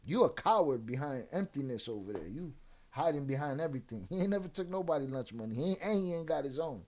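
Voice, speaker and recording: A fast-talking man with a fairly high, slightly mellow voice and lively intonation hosts a livestream. Chatting with viewers, he drawls streetwise jabs and trash talk at the trolls.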